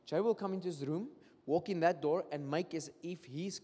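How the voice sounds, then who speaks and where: A man's voice: on the high side, normal speed. A man with a South African accent preaching a sermon, telling stories and acting out what people say. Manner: switches between English and Afrikaans, animated storytelling with acted-out quotes. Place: church hall. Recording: long hall reverb.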